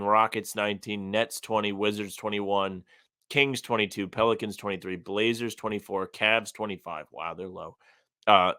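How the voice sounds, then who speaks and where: A man with a bright, forceful voice chats on a sports podcast, reading listener comments aloud and weighing in bluntly. His voice sounds dry and close to the mic. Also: lowish voice, clean tone, no room sound. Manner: reads listener comments aloud, opinionated and conversational. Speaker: podcast co-host. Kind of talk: casual sports podcast chat.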